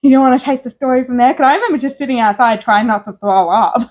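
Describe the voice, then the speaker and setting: A woman's voice: sits high, quick pace. A young woman co-hosting and telling a story in a casual chat, laughing often. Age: young adult. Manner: laughs often, animated and chatty. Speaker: co-host.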